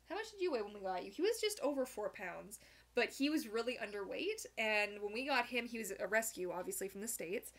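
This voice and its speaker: A young woman hosting a live Q&A, chatting casually and reading viewer comments aloud with animated, giggly asides. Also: medium pitch. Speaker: livestream host answering viewer questions.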